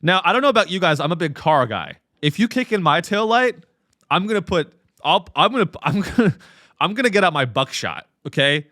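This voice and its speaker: A male comedy podcast host with a lively, swooping delivery, sarcastic and profane. His voice sits a bit high for a man and sounds dry and close. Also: fairly quick, dry recording. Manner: sarcastic and profane, with lots of fillers.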